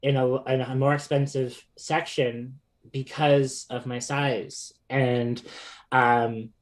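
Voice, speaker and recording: A male podcast guest takes his time telling a story about himself in a casual chat, his voice in the middle range. He's lively and laughs a lot, stumbling into frequent fillers and restarts.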